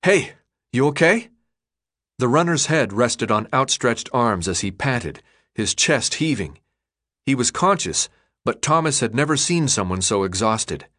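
Expressive male audiobook narrator. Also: medium pitch, unhurried. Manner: expressive, steady reading. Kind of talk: scripted narration.

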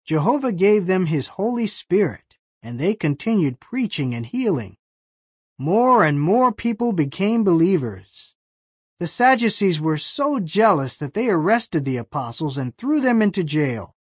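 A narrator reading a bible story lesson in slow, clear scripted storytelling. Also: mid-range voice, sing-song, no room sound, studio quality.

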